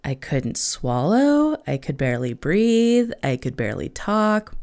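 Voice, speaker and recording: A woman hosting a podcast in casual solo chat, hoarse from being sick, chatty and self-mocking with casual swearing. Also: sits low, big pitch swings, measured pace, a little mellow. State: hoarse from illness. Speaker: podcast host.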